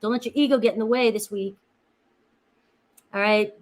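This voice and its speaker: A woman's voice: medium pitch, fairly even intonation, normal speed, low-quality recording. A woman chatting casually with viewers while giving a tarot reading, calling out each sign and greeting people by name. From Florida, USA. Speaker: tarot reader.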